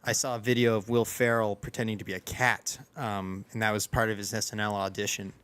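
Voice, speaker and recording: A man's voice: fairly low pitch, level tone, fairly quick, fairly bright tone, clear, resonant tone. A young man hosting a podcast in casual chat, talking in a rambling, self-deprecating way with lots of fillers and restarts. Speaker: podcast host.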